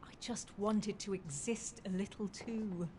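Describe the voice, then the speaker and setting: A woman's voice: medium pitch, fairly even intonation, measured pace, mellow, slight background noise, lightly acted. An actress voicing a desperate, vengeful young woman's ghost in a video game, pleading and spiteful by turns.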